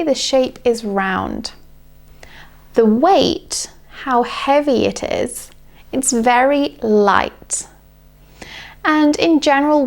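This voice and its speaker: British woman, English teacher, slow deliberate delivery, gravelly edge. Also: fairly high pitch. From England. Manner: deliberate, stretching out key words.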